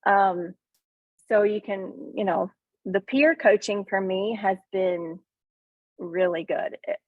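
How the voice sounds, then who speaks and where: A middle-aged woman with a country Southern accent, speaking slowly and haltingly, full of ums and little self-conscious laughs. The sound is thin and tinny, like a phone line, with a dry, close feel. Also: medium pitch, no echo. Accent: Southern US (Northeast Tennessee). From Northeast Tennessee. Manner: hesitant, lots of ums, self-deprecating laughs. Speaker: farmer, coaching student. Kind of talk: casual testimonial on a video call.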